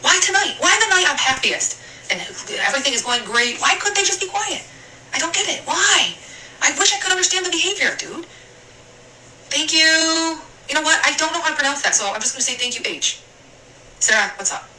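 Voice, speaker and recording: A woman's voice: sits high, animated, a little fast, pushed and bright. A woman streamer ranting angrily on a live stream, swearing and circling back to her complaints. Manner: angry, swearing, rambling. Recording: echoey room, mic at a distance, faint hiss.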